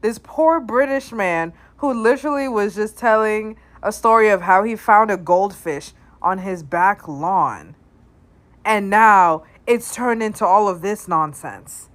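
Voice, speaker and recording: A woman telling an internet story in casual commentary, animated and gossipy, laughing often. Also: medium pitch, measured pace.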